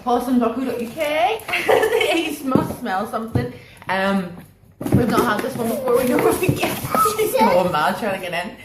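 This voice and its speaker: A woman's voice: fairly high pitch, big pitch swings, normal speed. A young British woman chatting casually as she unboxes a dog subscription box, giggling and talking to her dog. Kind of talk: casual chat. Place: room at home with a dog and child. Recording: echoey home room, loud background noise.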